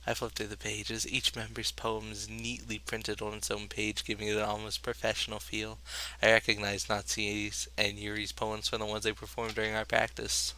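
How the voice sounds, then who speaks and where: A man's voice: lowish voice, monotone, moderate pace, bright, forceful tone. A man playing through a visual novel, reading the narration aloud and adding profane, joking commentary. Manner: profane, jokey, reads narration with rising emotion. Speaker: let's play host.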